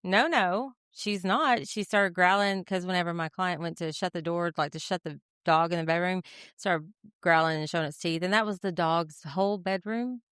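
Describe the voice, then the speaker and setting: A woman's voice: lowish voice, steady tone, fairly quick, a bit bright, clear, resonant tone, no room sound, studio quality. A middle-aged woman realtor co-hosting a podcast, telling funny work stories in casual chat and laughing at her own mishaps.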